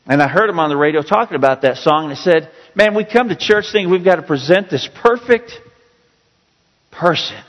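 A man preaching a sermon with a fairly high voice, reading scripture slowly and rising into pleading emphasis. His voice rings with the long reverb of a large church hall. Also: lively intonation, fairly bright tone. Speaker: pastor.

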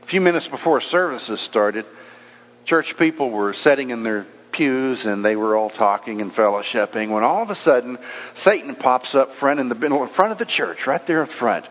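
Brief: male pastor, mid-pitched, chatty sermon delivery, muffled sound with long church reverb. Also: moderate pace. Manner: conversational, storytelling preacher. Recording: dull echoey church hall recording.

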